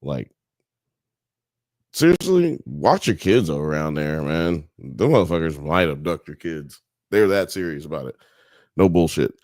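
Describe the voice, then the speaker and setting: A man's voice: a bass voice, big pitch swings, unhurried, long pauses, darkish tone, no room sound, studio quality. A man hosting a live-streamed talk show, chatting casually and profanely, joking with the audience and reading chat comments aloud.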